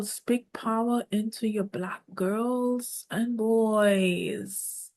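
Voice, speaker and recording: A woman's voice: fairly high pitch, extremely slow. Sassy woman reviewing reality TV. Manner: sassy, sarcastic, animated with mocking quoted voices. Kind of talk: casual vlog commentary.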